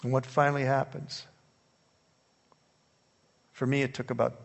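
Older male preacher, gravelly, animated storytelling, long church reverb. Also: mid-range voice, a little slow, pauses often. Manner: animated, jumps between hushed and loud. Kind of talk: storytelling sermon. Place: church hall.

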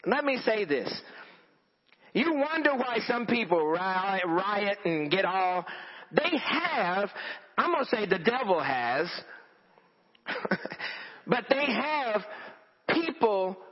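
A man preaching a storytelling sermon to a congregation, animated and repeating phrases for emphasis. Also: high-pitched, husky. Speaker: pastor. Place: church in front of a congregation. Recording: dull lo-fi audio with long hall reverb.

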